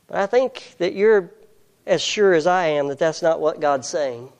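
A preacher giving an earnest, emphatic sermon, reading scripture slowly and deliberately. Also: medium pitch, expressive, darkish tone.

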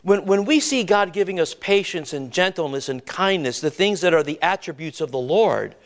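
A preacher with a high voice leads his congregation through scripture, pausing to ask them questions and waiting for their answers. He drags out key words for weight, then drops low and quiet to press a point home. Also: expressive. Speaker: pastor. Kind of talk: sermon.

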